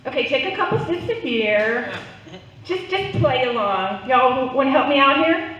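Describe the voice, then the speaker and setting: A middle-aged woman works a live crowd with a playful stand-up set. Her fairly high voice sits a little back from the mic, and the sound comes through dull. A strong, roomy echo surrounds everything she says. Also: expressive, moderate pace, a bit bright, distant mic, slight background noise. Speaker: stand-up comedian. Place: club stage, live audience.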